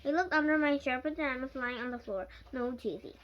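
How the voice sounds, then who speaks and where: A child reading a storybook aloud, halting, with slips and restarts. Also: sits high, lo-fi sound. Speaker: reader.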